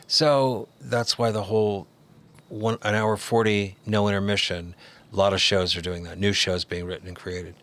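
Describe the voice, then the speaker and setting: A man's voice: on the low side, moderate pace. A man, a stage actor and studio guest, chatting casually in an interview and demonstrating accents as he talks. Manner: animated storyteller, demonstrates accents.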